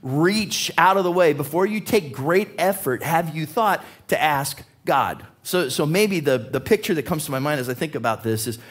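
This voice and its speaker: A male pastor delivering a sermon in a church, his voice sitting somewhat high for a man. He is animated and conversational, laughing through his stories and repeating words as he builds toward a point. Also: normal speed, few pauses. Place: church sanctuary.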